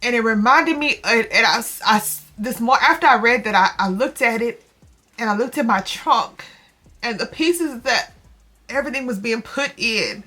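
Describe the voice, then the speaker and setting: A woman's voice: a little high, lively intonation, moderate pace, bright, forceful tone. A young woman talking to her viewers in a confessional vlog. She is close to tears, restarts and repeats herself, and calls her viewers y'all. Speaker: vlogger.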